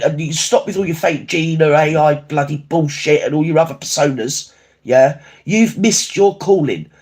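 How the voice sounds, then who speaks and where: A man chatting casually on a livestream, rambling and swearing as he reads out viewer comments. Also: darkish tone. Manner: rambling, swears, swings pitch up and down often. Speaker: livestream host.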